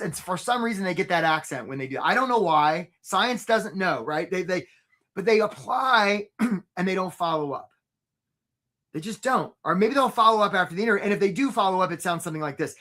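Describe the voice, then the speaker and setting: A man's voice: high voice, lively intonation, a little fast, bright, forceful tone. A man hosting a live career webinar as a coach. He talks casually and upbeat, often asks "right?", and speaks straight to his viewers.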